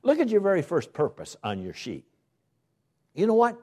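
A man preaching in church with a fairly high voice. His pitch swoops up and down as he stresses key words and pauses for effect. He sounds like a pastor delivering a sermon. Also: huge pitch swings, dark tone, husky. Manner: preaching with dramatic pauses and emphatic rises.

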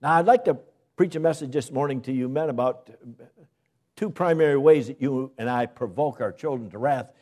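A male pastor preaching a sermon to his congregation, with dramatic pauses and emphatic rises on key words. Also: mid-range voice, darkish tone. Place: church.

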